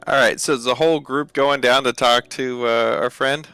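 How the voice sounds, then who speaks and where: Man, game master, gravelly and bright tone, slow halting delivery, dry close sound. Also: mid-range voice, fairly even intonation, no room sound, faint music behind. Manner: halting, with many fillers and restarts. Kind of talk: running a tabletop game on stream.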